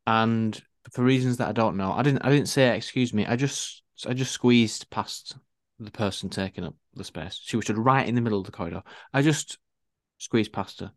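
A man, co-hosting a casual podcast and telling wry anecdotes with animated emphasis. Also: on the low side, moderate pace, no echo, studio quality. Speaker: podcast co-host.

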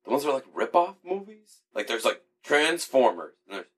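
A man joking and riffing in a relaxed chat with a friend. His voice is a little husky and his pitch swings around a lot as he talks, and he curses casually. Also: a little fast. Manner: joking, animated, swears casually.

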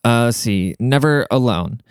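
A man's voice: medium pitch, animated, unhurried, smooth, no echo, studio quality. A man hosting a podcast in casual, rambling chat full of swearing and filler words, giving relationship advice. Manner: profane, rambling bro-talk with filler words. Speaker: podcast host and rapper.

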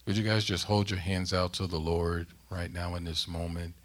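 A middle-aged man preaching a sermon, with emphatic rising bursts that ease into a soft closing prayer. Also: low voice, flat delivery, normal speed. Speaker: guest preacher.

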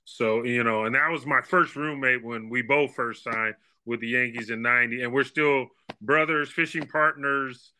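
Guest, man in his fifties, sharp and bright tone, chatty animated storyteller. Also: mid-range voice, normal speed, hardly any pauses. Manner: animated storyteller, acts out quoted dialogue. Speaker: guest, baseball scout and former player. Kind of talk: casual storytelling interview.

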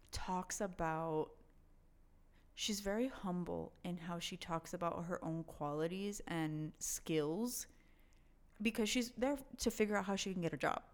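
Woman, casual book chat, enthusiastic, rambling, slightly low voice. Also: clean tone.

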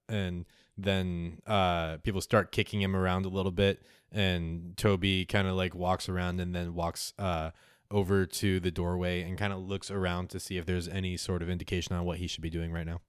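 A man hosting a tabletop role-play podcast as game master, narrating in a relaxed, matter-of-fact way with fillers. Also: low voice, moderate pace, smooth, no room sound, studio quality.

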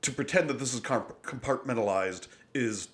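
A man's voice: mid-range voice, a bit bright. A man with a mid-range voice joins a casual studio chat. He agrees often and builds his points through stumbling restarts. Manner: agreeable, chiming in, halting restarts. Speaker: podcast co-host.

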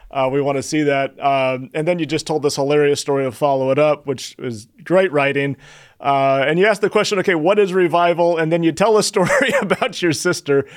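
A man's voice: medium pitch, fairly quick, clean tone. A man hosting an interview, enthusiastic and prone to small stammers, reading quotes aloud from a guest's book. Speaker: interview host. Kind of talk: interview questions.

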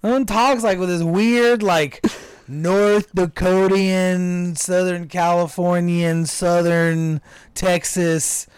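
A young man with a smooth, resonant voice co-hosts a podcast and talks bluntly, swearing freely. His voice sits a little on the high side. It is recorded close and dry. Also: fairly even intonation, takes it slowly, no echo. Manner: blunt, profane, exasperated ranting. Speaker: podcast co-host. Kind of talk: casual chat.

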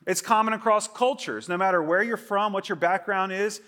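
A man in his late thirties, pitched rather high, preaching a sermon in an easygoing, chatty way. He jokes along and keeps checking in with his listeners with a quick "right?". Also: bright, forceful tone. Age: 30s. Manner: conversational, joking, asks the crowd "right?". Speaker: pastor.

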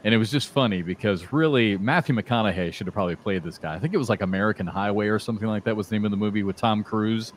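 A man from Iowa co-hosting a podcast, telling stories in an easygoing, halting way. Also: lowish voice, a little hiss or hum. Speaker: podcast co-host. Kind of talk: casual chat.

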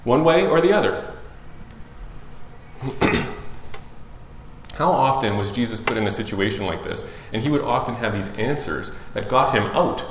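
Animated male pastor in an echoey room. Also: a little hiss or hum. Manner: animated, acts out quoted voices in a higher pitch. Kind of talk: sermon.

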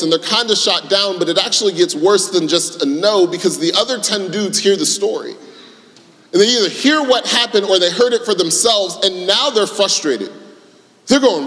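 A man's voice: sits high, moderate pace, a bit bright, long reverb tail. A man preaching a sermon in a conversational storytelling manner, acting out the voices in his story. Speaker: pastor.

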